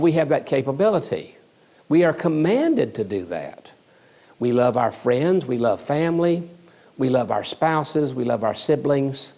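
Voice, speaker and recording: A man's voice: on the high side, a little mellow. A man giving a recorded theology lecture as a seminary teacher, emphatic and repeating key words for stress.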